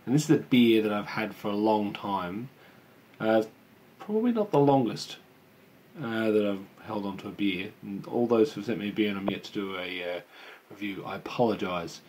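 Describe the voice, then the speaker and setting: A man's voice: on the low side, moderate pace, a little mellow, a little hiss or hum. A young man casually chatting and rambling as he tastes and reviews a home-brewed beer. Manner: chatty, rambling, self-deprecating. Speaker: homebrew reviewer. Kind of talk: casual beer tasting vlog.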